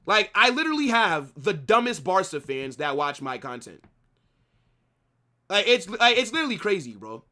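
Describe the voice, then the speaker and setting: Hosting a live football watch-along, a young man rants at his viewers with heavy profanity, repeating himself a lot. His voice is high, very animated, pushed, and bright at a moderate pace.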